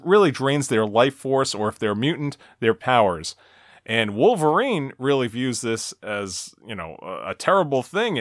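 A man hosts a casual podcast and talks through an episode, often restarting his sentences. His pitch moves around a lot, and the recording is dry and close. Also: a bit bright, no room sound. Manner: conversational, stumbling restarts, laughing. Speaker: podcast host.

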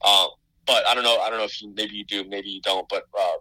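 Bright-voiced man rambling in casual chat. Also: fairly low pitch, steady tone, fast talker, no echo, low-quality recording. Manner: rambling, many restarts and fillers. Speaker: business owner guest.

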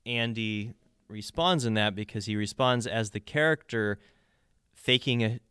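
A man's voice: lowish voice, a little slow, pushed and bright, smooth, no room sound, studio quality. A man co-hosting a podcast, talking through an album in an enthusiastic, detailed way with frequent restarts. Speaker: podcast co-host. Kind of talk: casual album discussion.

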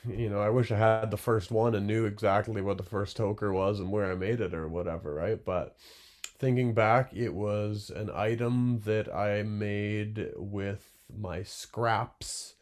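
Guy, lowish voice, rambly and chill, lots of "like" and "right?". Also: fairly even intonation, measured pace. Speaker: glassblower guest. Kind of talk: casual interview chat.

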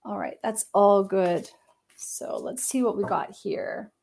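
A woman medium talks gently through a live-stream psychic reading. She wanders between thoughts and leans on fillers and hedges as she goes. Her voice sits at an ordinary middle pitch, recorded on a computer. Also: slow, vocal fry.

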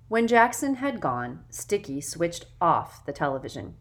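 A woman narrating a children's novel in a measured, expressive way. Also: lowish voice. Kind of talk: audiobook narration.

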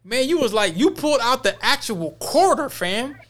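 A young adult man chatting casually on a podcast, telling animated stories and acting out what people said. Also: very high voice, normal speed, a loud crowd. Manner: animated storyteller, acts out quotes with laughter. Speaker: podcast co-host. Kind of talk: casual chat, storytelling.

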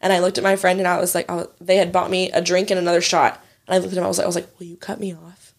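A woman's voice: on the low side, completely flat delivery, rapid-fire, creaky. A woman in her twenties telling a story in casual chat, swearing freely and acting out what others said. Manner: chatty, swears freely, acts out quoted voices.

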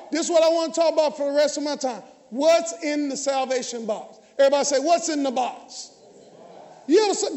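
A man preaches in a strikingly high voice, calling out to his congregation. He jokes with the pews and often rises to a shout. Long reverb from the church hall trails each phrase. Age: 50s. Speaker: pastor. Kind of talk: lively sermon with jokes to the congregation.

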